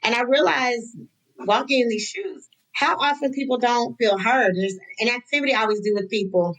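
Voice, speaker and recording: A woman in her thirties, a guest on a podcast, talking in a relaxed conversational way and acting out the lines of the people in her stories. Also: fairly high pitch, moderate pace, rough recording. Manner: animated, acts out quoted dialogue. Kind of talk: casual conversational storytelling.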